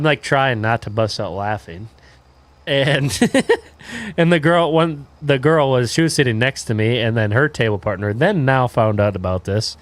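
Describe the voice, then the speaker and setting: A man's voice: medium pitch, no echo. A man in his twenties, a livestreamer telling a crude story in laid-back, rambling casual chat full of fillers.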